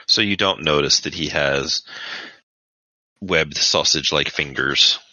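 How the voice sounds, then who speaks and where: A man serving as game master, narrating a tabletop game in an unhurried, descriptive way with fillers. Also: rumbling low, pushed and bright, dry recording, muffled recording.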